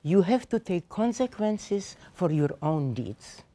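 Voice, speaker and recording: A woman's voice: lowish voice, very animated, slow, warm tone. A woman in her eighties, a survivor giving personal testimony to teachers at a seminar, telling her story with emphasis and emotion. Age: 80s. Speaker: Holocaust survivor speaking to teachers. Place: seminar room.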